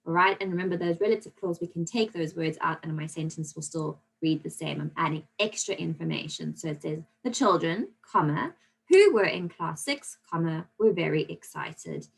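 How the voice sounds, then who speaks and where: A woman's voice: deep voice, lively intonation, moderate pace, vocal fry, slightly rough, low-quality recording. A woman teaching a recorded grammar lesson to children, explaining patiently and checking in often with "okay?". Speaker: primary school teacher.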